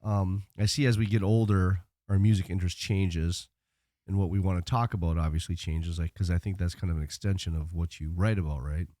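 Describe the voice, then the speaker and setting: A man's voice: low voice, steady tone, a little fast, warm tone, no echo, clean studio sound. Man asking rambling questions. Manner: questioning, repeats words while searching. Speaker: host. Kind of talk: casual chat.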